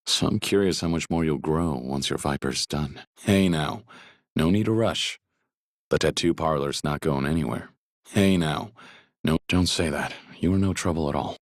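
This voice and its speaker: An actor playing a stoic, kind middle-aged ex-yakuza in a video game, speaking plainly and steadily. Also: male voice, normal speed, no echo, clean studio sound. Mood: calm. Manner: plainspoken, steady, low-key.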